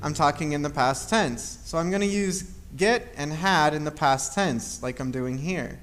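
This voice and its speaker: Male teacher, somewhat high voice, patient step-by-step grammar explainer. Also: fairly bright tone. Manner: patient, repeats examples slowly, checks with "okay?". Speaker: English teacher.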